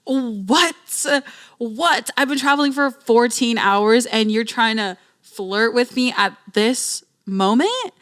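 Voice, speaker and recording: A young woman hosting a podcast, telling a travel story in a chatty, slangy, animated way. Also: fairly high pitch, slow. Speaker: podcast host. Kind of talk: casual storytelling.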